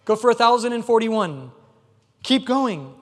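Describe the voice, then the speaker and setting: A man's voice: very high voice, big pitch swings, measured pace. A man preaching a sermon as pastor, in an emphatic, conversational way. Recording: long hall reverb.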